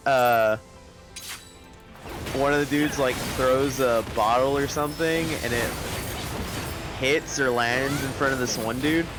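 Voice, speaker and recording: A man's voice: medium pitch, fairly even intonation, takes it slowly, pauses often, over music. A man in casual gaming chat, rambling through a story and acting out the quoted lines. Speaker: gaming stream co-player.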